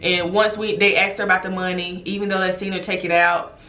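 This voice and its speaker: A woman, a former teacher, telling a storytime vlog in an animated, emphatic way, speaking straight to her viewers. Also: fairly low pitch, fairly quick, roomy sound. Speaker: teacher and vlogger.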